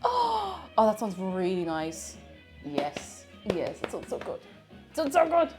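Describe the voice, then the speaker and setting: Irish woman streamer, chatty and animated, high-ish voice, faint music under. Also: measured pace. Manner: chatty, reads out chat, lots of restarts. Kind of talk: casual live-stream chat.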